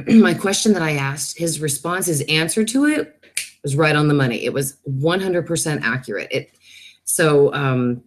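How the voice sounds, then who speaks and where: A woman in her thirties talks casually on her live stream, her voice sitting a little low. She reads out viewer comments and keeps the talk loose, apologizing quickly and laughing easily. Her manner stays chatty and informal.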